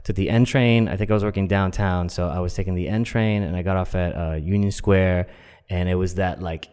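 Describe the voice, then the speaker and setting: A man's voice: deep voice, fairly even intonation, a little fast, a little mellow, clear, resonant tone. A man telling a personal story in a casual, rambling way, with lots of fillers. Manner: rambling, many fillers, acts out quoted voices. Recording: long echoey reverb.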